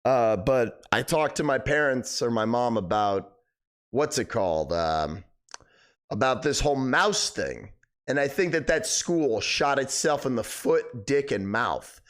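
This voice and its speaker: A man's voice: medium pitch, expressive, unhurried, fairly bright tone. A young man hosting a live stream, chatting casually and rambling, swearing a lot, his voice cracking. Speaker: livestream host.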